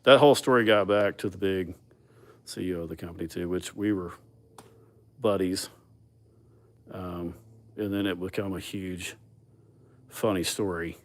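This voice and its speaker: Man, very low voice, cussing, easygoing rambling host. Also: fairly even intonation, unhurried, long pauses. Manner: profane, laid-back, laughs often. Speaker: livestream host. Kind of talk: casual chat, rambling storytelling.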